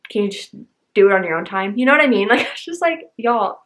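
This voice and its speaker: A woman's voice: mid-range voice, expressive, quick pace, fairly bright tone. Young girl gushing about books, bubbly and chatty, says like a lot, mid voice. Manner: bubbly, gushing, heavy use of "like". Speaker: book vlogger. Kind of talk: casual chat.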